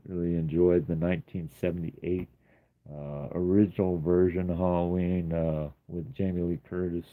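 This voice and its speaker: A man casually walking through his sketchbook, rambling with many ums and uhs. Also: low voice. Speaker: artist showing his sketchbook. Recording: tinny phone-like sound.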